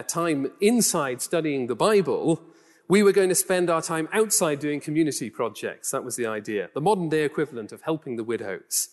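A man from Newcastle with a toned-down Geordie accent, preaching a conversational sermon full of rhetorical questions and self-deprecating asides. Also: fairly high pitch. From Newcastle, England. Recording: long reverb of a church hall.

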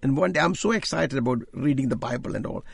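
A man's voice: mid-range voice, fast talker, vocal fry, breathy edge, dry recording, studio quality. An older man from India with an Indian accent, preaching a testimony sermon and telling stories that act out conversations. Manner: animated storyteller who acts out dialogue. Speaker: lay preacher.

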